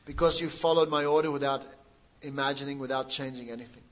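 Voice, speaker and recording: A man's voice: medium pitch, fairly even intonation, quick pace, fairly bright tone, lightly acted. A man voicing a stern old sage who praises his obedient son. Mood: approving. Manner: commanding, then approving.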